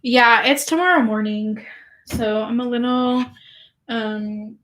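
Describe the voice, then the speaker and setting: A woman's voice: a little high, steady tone, slow pace, a bit bright. A young woman from England with no trace of an English accent, chatting casually on a livestream, often laughing and answering viewers' comments. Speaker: online seller doing a livestream.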